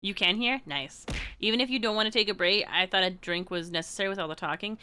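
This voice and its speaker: A woman livestreamer telling a story in casual chat with her viewers, excitable and laughing often. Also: mid-range voice, fast, smooth. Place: room at home, alone.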